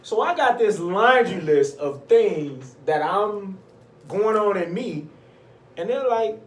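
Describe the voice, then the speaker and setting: Echoey storyteller man, slightly high voice. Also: takes it slowly, a little hiss or hum. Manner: animated, acts out voices of others in his story. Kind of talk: personal storytelling. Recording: echoey room, mic at a distance.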